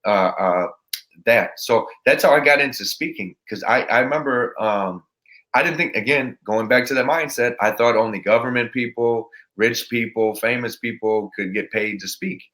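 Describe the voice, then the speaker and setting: A man talking as a podcast guest with a motivational speaker's energy. He rambles and restarts his sentences, and his voice stays at a middle pitch. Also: moderate pace, a bit bright. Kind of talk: casual interview chat.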